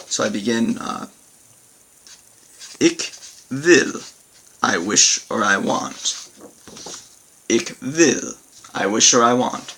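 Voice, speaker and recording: A man teaching a language lesson on video, halting with many fillers and repeating example sentences slowly. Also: medium pitch, fairly bright tone, a little hiss or hum, rough recording. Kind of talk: informal recorded lesson.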